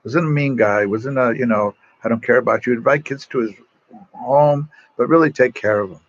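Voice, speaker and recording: A man's voice: medium pitch, normal speed, highs cut off. An older man, a priest, telling rambling personal stories to an online audience in a casual way, often restarting his sentences. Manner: rambling, warm anecdotes with frequent restarts.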